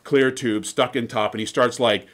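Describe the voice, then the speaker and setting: A man's voice: mid-range voice, fairly even intonation, normal speed, a bit bright. A man giving an informal lecture in a chatty, digressive way, often checking in with "right?".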